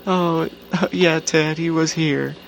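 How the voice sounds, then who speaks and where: A man voicing a coy, flirty wife in a told joke, in a soft, raised falsetto. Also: animated, a little slow, creaky, a little hiss or hum, rough recording. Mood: sly.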